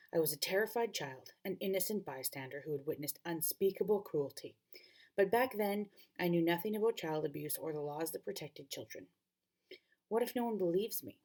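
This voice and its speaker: A woman teacher reading a novel aloud to students, expressive and often correcting herself mid-sentence. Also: on the low side.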